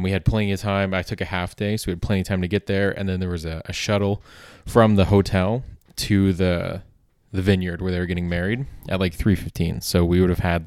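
With a deep, darkish, clear and resonant voice, this comedy podcast host meanders through a monologue, leaning heavily on filler words and correcting himself often. The studio sound is clean with no room tone.

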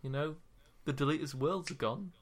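A young man co-hosting a podcast, giggly and quick with short interjections. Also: fairly high pitch. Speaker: podcast co-host. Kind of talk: casual chat.

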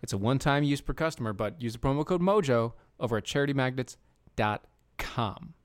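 A man's voice: medium pitch, animated, brisk, no echo, studio quality. A man hosting a casual political commentary podcast, sarcastic and rambling with many restarts. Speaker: podcast host.

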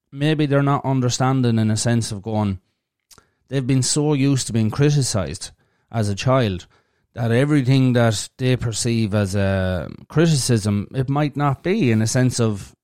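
A man talks through his views on a solo podcast in a blunt, plain-spoken way, swearing without a second thought. His voice sits at an ordinary pitch for a man. The sound is dry and close, with no room echo. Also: darkish tone. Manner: blunt, frank, swears freely; thinks aloud with fillers and restarts. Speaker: podcast host. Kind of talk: casual solo podcast talk.

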